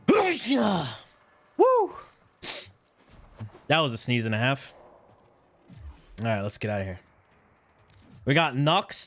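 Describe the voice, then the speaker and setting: A young man with a medium-pitched, fairly bright voice live-streams a video game from his home setup. He jokes with chat and rambles, swearing freely and tripping over his words.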